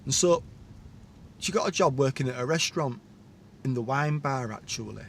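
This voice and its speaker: A man's voice: mid-range voice, animated, normal speed, creaky, a little hiss or hum. Candid man telling his story. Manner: candid, rambling, blunt, with dialect "were" and tag questions. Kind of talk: personal storytelling monologue.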